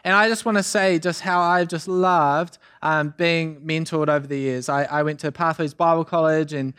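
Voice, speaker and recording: A young man preaching a sermon as youth pastor, energetic and chatty with many asides and fillers. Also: on the high side, normal speed, clear, resonant tone. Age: young adult.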